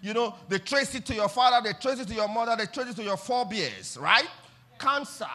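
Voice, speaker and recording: A man preaching a sermon in church, fervently leading his congregation in call-and-response and bursting into shouts. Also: very high-pitched, lively intonation, brisk. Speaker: pastor.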